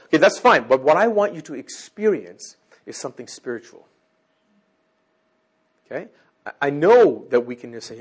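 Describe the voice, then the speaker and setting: Animated husky male preacher. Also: a little high, moderate pace, pauses often. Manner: animated, swings from loud exclamations to near-whispers. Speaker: teacher. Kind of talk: sermon.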